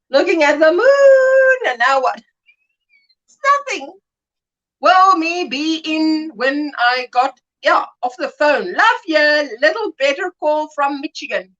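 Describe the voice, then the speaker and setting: A woman's voice: high voice, bright, forceful tone, dull audio. A middle-aged woman hosting a casual livestream, chatting in a rambling way, laughing often, greeting viewers and acting out little scenes. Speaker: livestream host.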